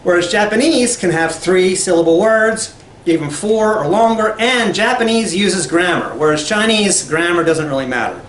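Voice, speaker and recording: A man's voice: sits high, animated, moderate pace, a bit bright, echoey room, slight background noise. A man giving a casual spoken lecture, rambling and conversational, with many fillers and restarts. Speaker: language lecturer.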